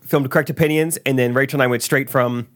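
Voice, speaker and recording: A man's voice: mid-range voice, quick pace. A young adult man co-hosting a podcast, chatting casually and laughing often while reading ads and telling stories. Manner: laughs often, relaxed storytelling. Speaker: podcast co-host. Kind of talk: casual chat and ad read.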